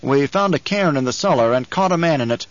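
A man reads as a tall, loyal guard officer. He speaks loudly and bluntly, always deferring to his superiors. The audiobook sound is dull and lo-fi. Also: fairly high pitch, expressive, fairly quick, no room sound, natural voice. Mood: dutiful.

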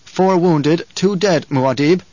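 A man's voice: on the high side, takes it slowly, warm tone, dry recording, dull audio, voice pushed up. A male narrator voicing a grave, dutiful desert warrior lieutenant who reports tersely and formally.

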